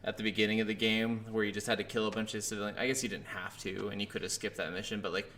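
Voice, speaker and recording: A man's voice: on the low side, flat delivery, very fast, fairly bright tone, a little hiss or hum. A man co-hosting a casual video game review podcast, easygoing and agreeable, laughing often. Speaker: podcast co-host.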